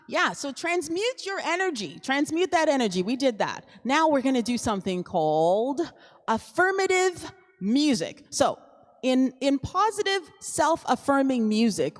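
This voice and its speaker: A woman's voice: high voice, big pitch swings, a little slow, in a large hall. A woman singer-songwriter hosting her own live stream, talking casually and upbeat with plenty of fillers and little laughs.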